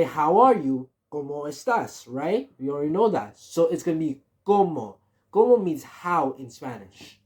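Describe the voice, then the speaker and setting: A Spanish teacher giving a casual beginner lesson, repeating each example phrase slowly and often checking in with "right?". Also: mid-range voice, a little mellow.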